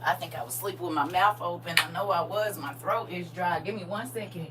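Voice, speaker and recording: A middle-aged woman chatting excitedly and casually to her viewers on a live stream. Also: on the low side, brisk, heavy background noise. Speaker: livestream host.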